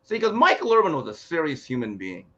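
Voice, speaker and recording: Animated man telling sports stories, muffled. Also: a little high, brisk. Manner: animated storyteller acting out quotes. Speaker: sports show guest. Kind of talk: casual sports talk, storytelling. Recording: muffled lo-fi sound.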